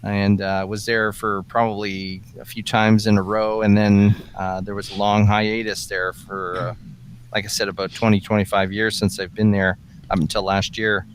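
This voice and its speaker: A man in his forties chatting on a radio roundtable, easygoing and hesitant with many pauses. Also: fairly low pitch, flat delivery, slight background noise. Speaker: roundtable guest. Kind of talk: casual radio roundtable chat.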